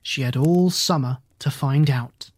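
An audiobook narrator reading a children's novel in a steady, measured way. The voice sits mid-range. It is recorded on a close mic with no room sound at all. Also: medium pitch, husky, no room sound. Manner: measured and even storytelling.

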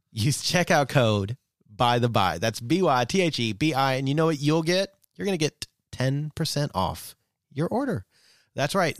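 A man's voice: mid-range voice, dry recording, studio quality. A man hosting a podcast in casual chat, joking playfully while reading sponsor ads. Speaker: podcast host.

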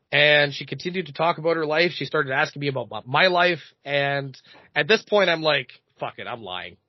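A man in his thirties, a podcast host, telling a comedic story in an animated, profane way. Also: on the high side, slightly rough, dry recording, dull audio. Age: 30s.

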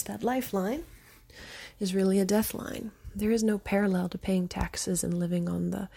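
A woman hosting a show, reading a devotional text aloud in a soft, often half-whispered voice, with brief comments of her own. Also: mid-range voice, vocal fry, breathy edge.

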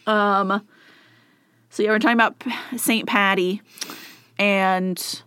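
A woman's voice: medium pitch, steady tone, takes it slowly, a bit bright, smooth, no echo, studio quality. Giggly woman co-hosting a podcast. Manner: giggly, chatty, laughs often. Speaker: podcast co-host. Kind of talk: casual chat.

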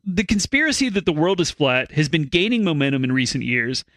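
A man's voice: on the high side, sing-song, brisk, fairly bright tone, no echo. A man co-hosting a comedy news podcast, reading stories aloud with jokey asides.

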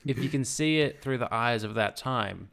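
A man's voice: medium pitch, normal speed, vocal fry, fairly bright tone. A man co-hosting a casual film chat, dry and teasing in his comments. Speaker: podcast co-host. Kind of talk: casual chat about films.

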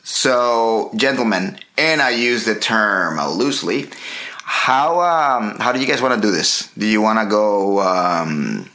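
A man's voice: lowish voice, a little slow. A man hosting a casual podcast, joking around and swearing freely with his co-hosts. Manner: profane, joking, lively. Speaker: podcast host.

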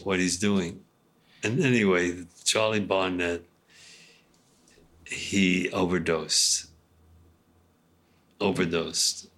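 An older male actor telling casual anecdotes in a rambling, animated way, full of restarts. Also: sits low, drawn-out words, long pauses. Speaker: actor guest.

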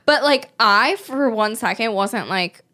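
Female podcast co-host, slightly high voice, blunt and opinionated in casual chat. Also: expressive, measured pace, sharp tone. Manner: blunt, opinionated, swears freely. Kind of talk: casual reality TV recap chat.

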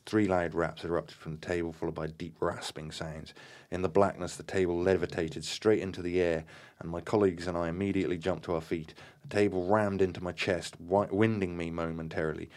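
A man with a very deep voice reads a supernatural story aloud. He stumbles and restarts often, adds casual remarks, and bursts into loud acted-out shouts for the characters. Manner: acts out shouted dialogue, many fillers and restarts. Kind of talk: reading aloud from a book with comments.

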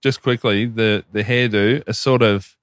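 A man, in his thirties, telling crude and profane stories in a casual chat. His voice sits a little low, and the sound is dry and close to the mic. He slips into lively put-on voices when he quotes people. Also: a little slow, clean tone, dry recording.

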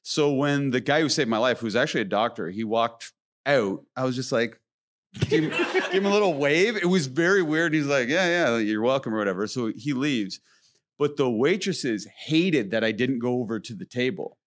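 A man co-hosting a live podcast, telling a comic story in an animated, self-mocking way. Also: medium pitch. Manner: animated, self-mocking, quick to mimic others. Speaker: podcast co-host.

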